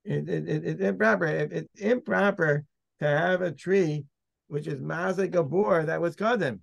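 A man's voice: on the high side, moderate pace, creaky. A man teaching and debating a Talmud passage, emphatic and restating his points. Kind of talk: Talmud study discussion.

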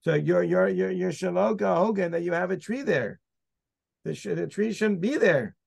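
Gravelly, somewhat high-voiced man as Talmud teacher, emphatic, hammers his point home. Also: moderate pace, a little mellow. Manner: emphatic, argues by restating points. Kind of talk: Talmud study discussion.

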